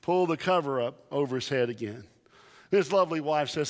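A man preaching to his congregation in an animated, emphatic way, with a slightly high voice. A long reverb from the church sanctuary trails his words. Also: fairly quick. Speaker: pastor. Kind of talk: sermon.

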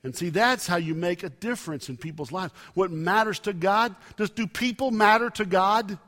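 A man preaching a sermon, with emphatic loud rises and soft drops. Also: high voice, normal speed. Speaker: pastor. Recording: long reverb of a large hall.

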